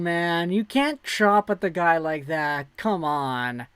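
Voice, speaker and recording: A man calling hockey play-by-play on his own livestream, excitable and jumping up loud on big saves. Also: sits high, measured pace, hardly any pauses, smooth, no room sound. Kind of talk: play-by-play commentary.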